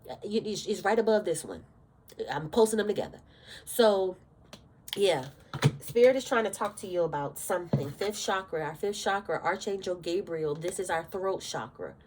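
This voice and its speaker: A woman's voice: fairly low pitch, expressive, moderate pace, a little mellow, a little hiss or hum. A woman giving a casual tarot reading, fiery and direct, cursing freely, bothered by allergies. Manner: blunt, fiery, cursing often. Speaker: tarot reader.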